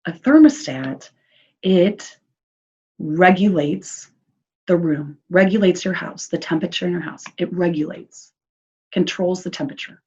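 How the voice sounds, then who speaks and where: Midwestern woman, social worker presenting to parents; low husky voice, encouraging and chatty, muffled lo-fi sound. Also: unhurried, a little mellow. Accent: Midwestern American. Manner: upbeat, encouraging, chatty with fillers. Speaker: early childhood social worker. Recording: dull lo-fi recording.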